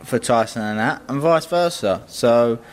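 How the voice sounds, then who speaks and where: A man, a boxing trainer, answering interview questions in a guarded, measured way, often repeating his phrases. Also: medium pitch, animated.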